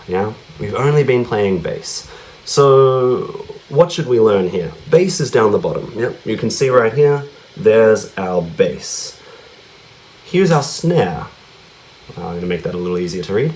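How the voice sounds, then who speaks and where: In a casual cajon lesson, a man teaches rhythms, counting out beats and vocalizing the drum sounds. He's chatty, peppering his talk with tag questions like "yeah?" and "right?". His voice is lowish and darkish, with lively intonation and a slightly slow pace.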